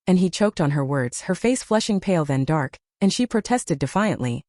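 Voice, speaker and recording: A woman narrating a scripted story with an expressive reading. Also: fairly low pitch, a little fast, no echo, clean studio sound.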